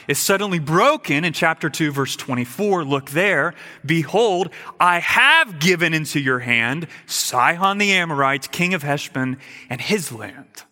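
Emphatic preacher in a reverberant hall. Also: male voice, on the high side, animated, a little slow, hardly any pauses. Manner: emphatic, repeats words, drops to quiet asides. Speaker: pastor. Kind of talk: sermon.

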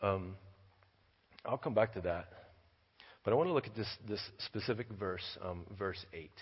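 Missionary man preaching, halting storyteller who repeats words, low and slightly hoarse, recorded lo-fi in a reverberant church. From United States. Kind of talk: sermon with scripture reading and storytelling.

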